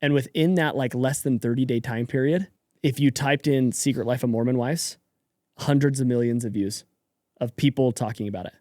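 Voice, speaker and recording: A man co-hosts a podcast in relaxed, casual chat. His voice is warm and mellow, and he gives blunt opinions, often sliding into quieter asides. The sound is dry, with no room echo. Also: mid-range voice, moderate pace. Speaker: podcast co-host.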